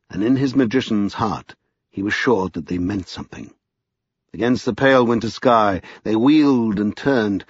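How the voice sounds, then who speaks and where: A male narrator reads an audiobook in a measured, expressive way. His voice is husky and sits in a middle pitch. The recording is dry and slightly dull. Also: no echo. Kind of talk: scripted narration.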